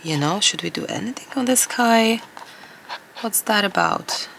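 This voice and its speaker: A woman collage artist chatting casually to camera while she crafts, her voice hoarse and gravelly, talking in a rambling way with frequent laughs. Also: medium pitch, expressive, measured pace, a bit bright, a little hiss or hum.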